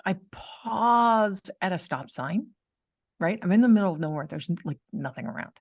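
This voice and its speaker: A woman's voice: medium pitch, expressive, moderate pace, darkish tone, no room sound, studio quality. A middle-aged woman hosting a podcast, telling a personal story in casual chat over a video call. She acts out the people in her story and laughs often. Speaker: podcast host.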